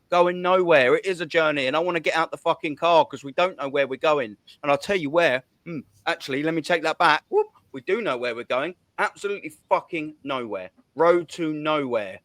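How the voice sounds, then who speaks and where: A man's voice: on the high side, a bit bright, dry recording. Sweary, heated man ranting. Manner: fast, swearing, repetitive counting. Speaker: host. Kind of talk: heated fan rant.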